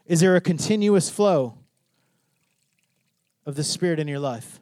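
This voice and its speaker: A man's voice: a little high, expressive, measured pace, pauses often, mellow, no echo. A pastor preaching to his congregation, asking questions and building to fervent emphasis. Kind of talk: sermon.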